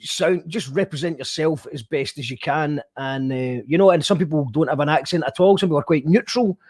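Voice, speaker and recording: A man's voice: on the high side, fairly quick, a little mellow. A man hosting a casual interview, easygoing and casually sweary, often restarting his sentences. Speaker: interview host.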